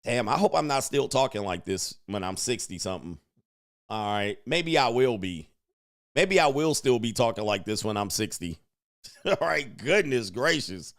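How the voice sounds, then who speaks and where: A man's voice: medium pitch, expressive, moderate pace, a bit bright. A man, a dating coach host, reacting to a video with mocking commentary and laughing asides.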